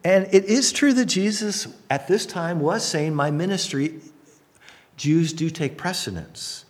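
A man preaching a sermon in an animated storytelling way, acting out the voices of people he quotes. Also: a little high, a little slow.

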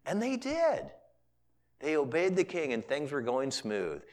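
A man, a pastor, preaching a sermon and retelling scripture as lively storytelling, with casual voices for the characters. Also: a little high, unhurried. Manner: animated storytelling, paraphrasing characters in casual modern speech.

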